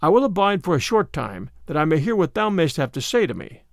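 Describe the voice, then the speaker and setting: A man voicing a gentle, strong young male stranger with soft, archaic speech. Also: a little high, big pitch swings, fairly quick, vocal fry, no echo, studio quality.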